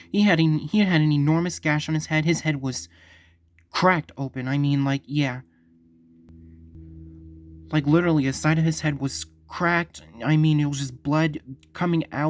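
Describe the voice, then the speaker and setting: A man telling a story on his vlog, halting and stumbling, often repeating himself. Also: on the high side, fairly even intonation, no echo. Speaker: vlogger.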